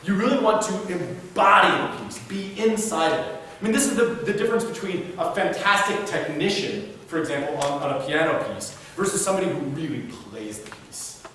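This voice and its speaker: A man's voice: fairly high pitch, expressive, a little fast, hardly any pauses, pushed and bright. A man, a philosophy professor, giving a live lecture in a hall and often checking that the audience follows. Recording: echoey hall, distant mic, faint noise.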